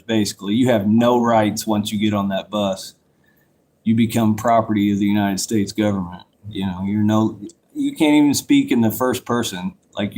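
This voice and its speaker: A man's voice: lowish voice, darkish tone. A man telling a rambling, casual story, swearing freely and circling back on himself. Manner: rambling, profane, loose and conversational. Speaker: vlogger telling a life story.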